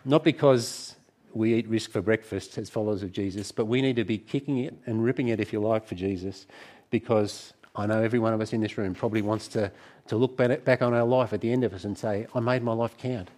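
A middle-aged man preaching a sermon to a church gathering, conversational and warm in tone, with frequent restarts. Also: fairly low pitch, fairly even intonation, a little fast.

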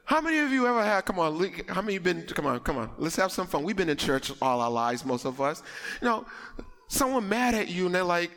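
A man who grew up in the West Indies, preaching a sermon with animated, comic storytelling that builds to shouts. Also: high-pitched, brisk, in a large hall. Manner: animated, acts out dialogue in comic voices. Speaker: pastor.

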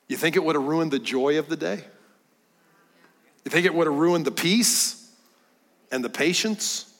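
A middle-aged man giving a sermon as a guest preacher, telling a story with lively delivery and dropping to hushed tones. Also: on the high side. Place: church sanctuary. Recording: church hall with long reverb.

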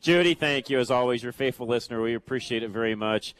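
A man's voice: medium pitch, quick pace, a bit bright. A man hosting a live radio show on location, chatty and upbeat, repeating callers' details back. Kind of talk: live remote radio broadcast.

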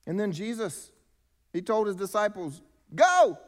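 A man preaching a sermon as pastor, with emphatic swings between loud declarations and quiet, low asides. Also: expressive, normal speed. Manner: preaching with emphatic rises and drops in volume. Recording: long hall reverb.

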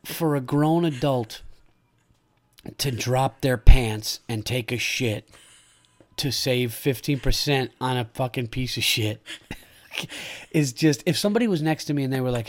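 A podcast host, a man with a mid-pitched voice, goes off on heated, profane rants. He keeps cracking up as he talks, in a loose, jokey back-and-forth with his guest. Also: measured pace. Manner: heated profane ranting, often breaking into laughter. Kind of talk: casual comedic chat.

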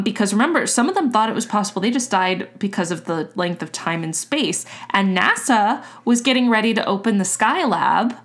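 A woman hosts a podcast and walks through a story in casual chat. She sounds relaxed and conversational and drops the odd swear. Her pitch sits in the middle. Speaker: podcast host.

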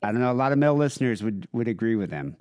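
A man's voice: medium pitch, rapid-fire, no echo, muffled recording. A man co-hosting a casual podcast, reading listener emails aloud. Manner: reads emails aloud with lively, shifting delivery. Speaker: podcast co-host.

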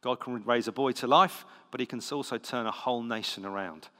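A man's voice: mid-range voice, fairly quick, sharp tone. Man preaching in a reverberant hall. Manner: conversational, emphatic, with fillers and restarts. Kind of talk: sermon with scripture reading.

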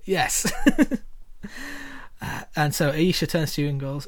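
A man's voice: on the high side, slow pace, long pauses. A man running a tabletop game as game master, chatty and full of filler words. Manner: chatty, frequent filler words, laughing asides.

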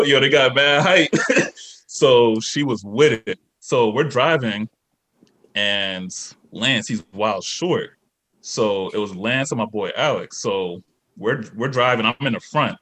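Low-voiced man telling a wild story. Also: unhurried. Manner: animated storyteller, voices quotes of others. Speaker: podcast guest. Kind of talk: casual storytelling.

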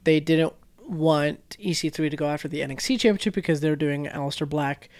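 A co-host chatting casually about wrestling, quick and full of fillers. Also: medium pitch, steady tone, a little mellow, no room sound. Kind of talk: casual chat.

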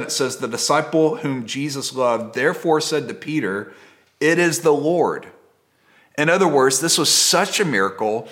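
A man preaching a sermon as a pastor, telling the story in a conversational, dramatic way and dropping to a hush at key moments. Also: medium pitch. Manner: conversational and dramatic, with repeated phrases.

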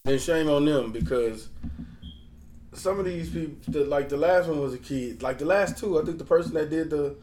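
In a casual chat, a man with a fairly high, darkish voice talks bluntly at a normal speed, swearing freely and rambling with restarts. The recording has a roomy echo and faint background noise.

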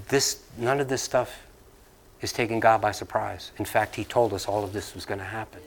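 A man's voice: fairly low pitch, moderate pace, a little hiss or hum. A man from the Northeastern United States preaching a sermon to a church congregation, telling stories casually, repeating lines for emphasis and moving into a closing prayer. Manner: conversational storytelling preacher who laughs and repeats lines for emphasis. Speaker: pastor. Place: church sanctuary.

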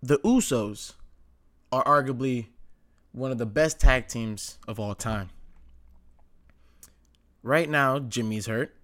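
A man's voice: mid-range voice, slow pace, pauses often, a bit bright. A man hosting his own show, chatting casually and opinionatedly, with lots of "like", slang and swearing. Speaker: wrestling commentary host. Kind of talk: casual chat.

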